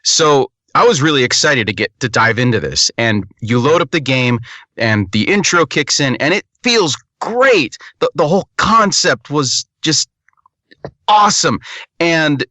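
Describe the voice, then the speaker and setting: A man's voice: mid-range voice, lively intonation, moderate pace, bright, forceful tone, no room sound. A man co-hosting a podcast, reviewing a game in rambling, casual, sometimes profane talk with lots of restarts.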